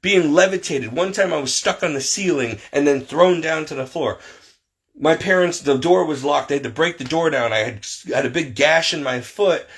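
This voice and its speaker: Husky man telling stories casually. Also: on the high side, normal speed. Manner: rambling, animated quoting of others. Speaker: storyteller recounting paranormal childhood. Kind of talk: casual storytelling.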